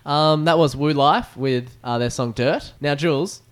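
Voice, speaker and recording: A man's voice: a little high, unhurried. A young male radio host in casual banter, telling a story and acting out what people said. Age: young adult. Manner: animated storyteller, acts out the dialogue.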